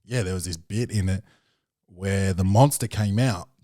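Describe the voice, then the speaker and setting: Aussie podcast guy, lowish voice, rambly and sweary, jumps way up high doing other people's voices, dry close mic. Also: normal speed, mellow, no room sound. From Australia. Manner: rambling and profane, full of fillers and restarts; acts out quoted voices with sudden high pitch jumps. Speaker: podcast host. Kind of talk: casual solo film review chat.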